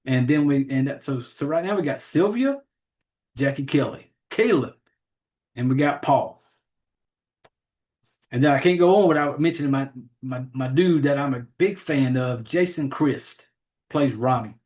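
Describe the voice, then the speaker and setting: A man's voice: mid-range voice, expressive, unhurried, long pauses, a little mellow. A man with a Southern accent hosting a horror podcast, chatting casually and rambling, and making fun of himself for botching names. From Southern United States. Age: adult, has a child. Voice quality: rambling, profane, self-deprecating about names. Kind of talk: casual chat.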